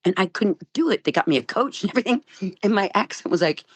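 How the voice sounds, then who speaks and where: An older woman, a guest actress, telling stories in an interview, animated and laughing often. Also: medium pitch, fast, slightly rough, dry recording. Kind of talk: storytelling interview.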